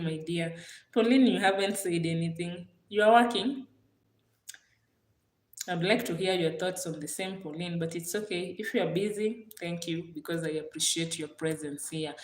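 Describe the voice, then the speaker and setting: A woman's voice: on the low side, roomy sound. A young Kenyan woman with a Kenyan accent hosts a casual live stream, reading viewer comments aloud and thanking each person by name.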